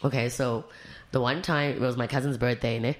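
A woman's voice: very deep voice, fairly even intonation, fairly quick. A woman, a podcast guest telling a frank, profane story in casual chat.

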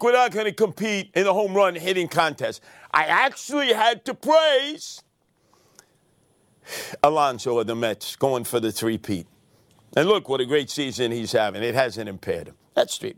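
An older man hosting a sarcastic, theatrical opinion monologue, dropping to mutters and rising to shouts. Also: on the high side, big pitch swings, unhurried, no room sound, clean studio sound. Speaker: radio commentary host.

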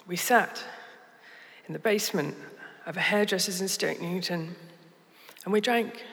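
A woman telling a personal story live on stage, with a measured, pausing delivery. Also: lowish voice, fairly bright tone. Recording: live hall reverb.

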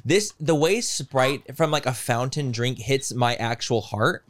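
A man's voice: medium pitch, a little slow, a little hiss or hum. A man co-hosting a podcast in a studio, chatting casually, laughing often and swearing freely. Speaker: podcast co-host. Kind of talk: casual chat.

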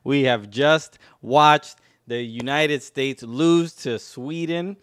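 A man hosting a casual sports podcast, lively and laughing easily, on a studio mic. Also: mid-range voice, takes it slowly, clear, resonant tone, no room sound. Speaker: podcast host.

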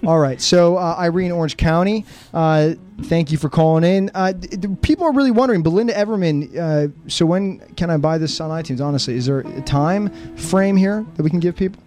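Brief: young male radio host, high voice, loose and jokey, lots of ums and restarts. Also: a little fast, hardly any pauses, a little mellow, soft background music. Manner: loose, joking, chatty, with many fillers and restarts. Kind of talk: casual live radio chat.

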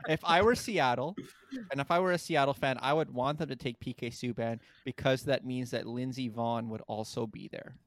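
A man's voice: mid-range voice, fairly even intonation, moderate pace, no room sound. Teasing man running the draft. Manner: teasing, runs the draft order. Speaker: podcast co-host. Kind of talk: casual sports banter.

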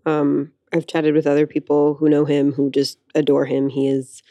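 A woman co-hosts a podcast in a relaxed, agreeable way. Her voice is gravelly and mellow, with little rise and fall. It is recorded dry and close. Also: deep voice, moderate pace, dry recording. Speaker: podcast co-host. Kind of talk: conversational podcast chat.

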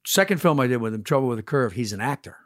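A man in his sixties, an actor guest, telling animated stories in a casual podcast interview, sometimes swearing. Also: mid-range voice, rapid-fire, no echo, studio quality. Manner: animated storyteller, swearing, acts out quotes. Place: podcast studio. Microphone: studio headphones and mic.

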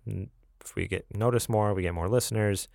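Male podcast co-host, low and gravelly, loose rambling delivery. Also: fairly even intonation, moderate pace, a little mellow, no echo, clean studio sound. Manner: rambling, many fillers and restarts. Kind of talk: casual podcast chat.

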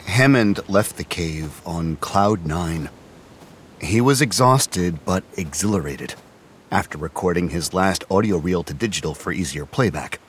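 Deep-voiced man narrating an audio drama. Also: a little slow, a little hiss or hum. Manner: steady storytelling, voices characters lightly.

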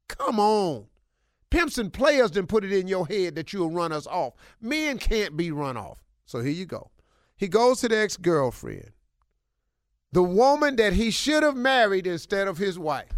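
A man's voice: sits high, dry recording, clean studio sound. A middle-aged man hosting a relationship advice show, talking in an emphatic, preachy, colloquial way and repeating lines for punch. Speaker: radio show host giving relationship advice. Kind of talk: animated advice talk.

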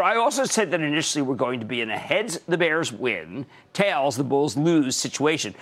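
A man's voice: medium pitch, fairly bright tone. A man in his sixties hosting a market commentary show, talking emphatically and punching key words.

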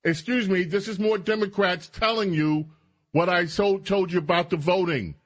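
A man's voice: high voice, moderate pace, fairly bright tone. A man hosting a radio talk show, delivering commentary with sarcastic, mocking asides.

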